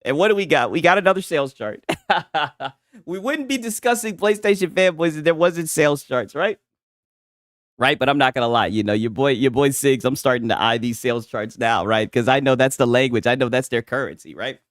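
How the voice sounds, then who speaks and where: A man's voice: mid-range voice, animated, a little fast, a bit bright, no echo, clean studio sound. A man hosting a casual gaming livestream, mocking his audience with frequent laughter and profanity. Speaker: gaming commentary streamer.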